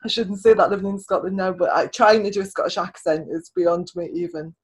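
A woman's voice: medium pitch, fairly quick, slightly rough, low-quality recording. A woman writer hosting a casual interview, talking in a chatty way with many restarts and repeated words. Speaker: podcast host and writer.

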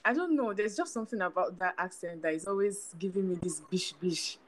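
A woman's voice: fairly low pitch, fairly quick, rough recording. Chatty young Nigerian woman. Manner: animated, chatty, lots of fillers. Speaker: podcast co-host. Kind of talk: casual chat.

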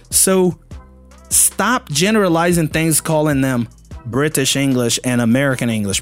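A man teaching a casual English lesson, talking straight to the listener with lots of rhetorical questions. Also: a little high.

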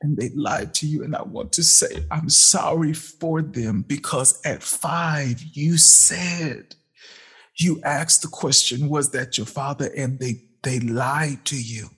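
Tearful man, somewhat high and husky, delivering a halting, heartfelt address to his younger self. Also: fairly bright tone. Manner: halting, heartfelt, with sighs and pauses. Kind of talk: emotional personal address.

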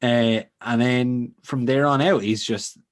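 A man with a mid-pitched, everyday voice co-hosting a film podcast. He gushes about films, leans on fillers and often leaves sentences hanging as he talks. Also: steady tone, slow. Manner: enthusiastic, many "like" fillers, trails off mid-sentence. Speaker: podcast co-host. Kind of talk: casual film chat.

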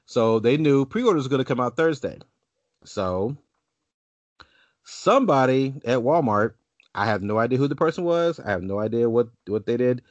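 A man's voice: medium pitch, sing-song, normal speed, dry recording. A man on a casual podcast, telling a long story with lots of restarts and asides. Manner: rambling storyteller with many restarts. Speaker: podcast co-host. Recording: dull lo-fi dry sound.

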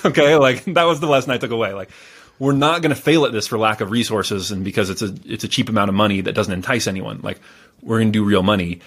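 A man speaking as a guest on a podcast, telling stories in a calm, measured way with frequent fillers and restarts. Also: lowish voice, husky. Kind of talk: casual interview storytelling.

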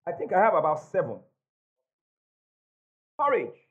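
Emphatic preacher with a lively, high voice. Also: male voice, unhurried, slightly rough, muffled recording. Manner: emphatic preacher, repeats key phrases, call-and-response with congregation. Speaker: pastor. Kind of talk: sermon. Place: church hall before a congregation.

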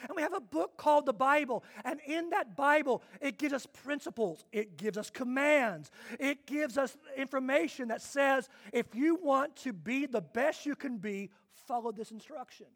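A man preaching a sermon to his church, swinging between quiet asides and loud, emphatic declarations. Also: very high voice, moderate pace, few pauses. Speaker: pastor.

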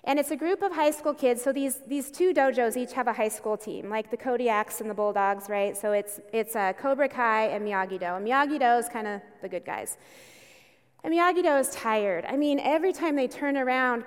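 A woman's voice: fairly high pitch, normal speed, clean tone. Storytelling woman pastor in a reverberant hall. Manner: conversational storytelling, with emphatic bursts. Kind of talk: sermon. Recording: long reverb in a church hall.

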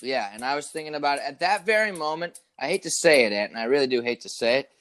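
Guy rambling thru a story, swears a lot, slightly high voice, super dry sound. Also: animated, fast talker, fairly bright tone, no echo. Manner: rambling, profane, lots of fillers. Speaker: podcast co-host. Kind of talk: casual chat, storytelling.

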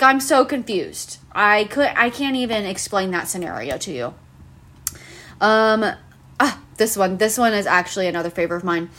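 A woman's voice: a little high, a bit bright. A young woman hosting a solo podcast, ranting about retail customers with sarcastic, profane exasperation. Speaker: podcast host.

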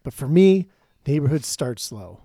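Blunt, opinionated man with a lively, mellow voice. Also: fairly high pitch, unhurried, no echo, clean studio sound. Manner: blunt, opinionated, swears freely, mocking. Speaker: podcast co-host. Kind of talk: casual music chat.

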